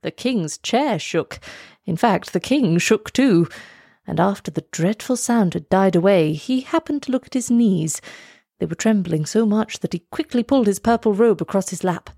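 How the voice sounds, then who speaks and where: A woman reading a children's storybook aloud in a measured, expressive way. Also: mid-range voice, slightly rough, no echo, studio quality.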